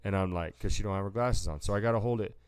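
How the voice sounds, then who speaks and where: A man's voice: lowish voice, quick pace, a little hiss or hum. A man co-hosting a podcast in casual chat, rambling through stories and acting out what people said. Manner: rambling storyteller, acts out quotes, says "dude". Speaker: podcast co-host.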